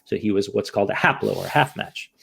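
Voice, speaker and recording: A man's voice: fairly low pitch, fast talker, vocal fry, a bit bright, husky. A man from the United States, a podcast guest, speaking candidly and rambling with many restarts in an emotional interview.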